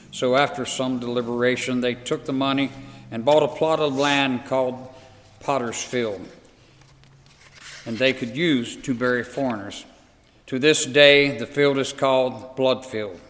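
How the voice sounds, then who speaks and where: Male reader with a bright, crisp edge and a steady pace, in a reverberant hall. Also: mid-range voice, a little slow, a little hiss or hum. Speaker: scripture reader. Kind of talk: reading aloud.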